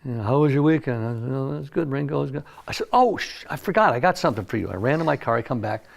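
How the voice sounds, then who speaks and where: Gravelly older man telling studio stories. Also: mid-range voice, racing. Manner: animated anecdote-teller, acts out quotes. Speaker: music producer telling stories. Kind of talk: casual interview storytelling. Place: recording studio.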